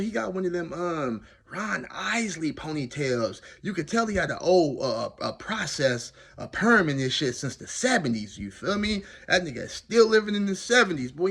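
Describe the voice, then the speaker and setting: A man telling a jail story in a casual, animated and slangy way. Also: normal speed, few pauses, slightly rough. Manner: animated, slangy, loud swings of pitch. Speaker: storyteller recounting jail time.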